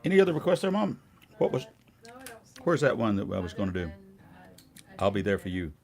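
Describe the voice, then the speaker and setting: An older man, a singer-songwriter, chatting casually and rambling quietly between songs on his music show. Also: on the low side, fairly quick, creaky. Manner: relaxed, rambling, quiet spoken asides. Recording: guitar music under the voice. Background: acoustic guitar playing.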